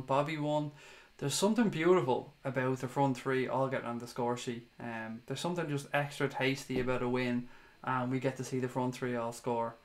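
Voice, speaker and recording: A young man hosting a fan livestream, reading viewer comments in a chatty, casual way, swearing and laughing at himself now and then. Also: medium pitch.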